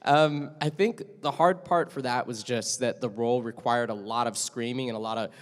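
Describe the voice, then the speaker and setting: A man's voice: mid-range voice, moderate pace. A man and voice actor chatting casually on a panel, easygoing and rambling. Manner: easygoing and rambling, many fillers and restarts. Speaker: anime voice actor on a convention panel. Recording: convention hall reverb.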